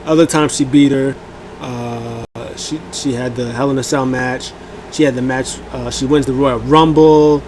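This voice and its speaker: A man's voice: mid-range voice, a little slow, slight background noise, rough recording. A man casually recapping a wrestling event as host of a review show, rambling with many fillers and acting out what people said. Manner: rambling, animated, many fillers, acts out quotes.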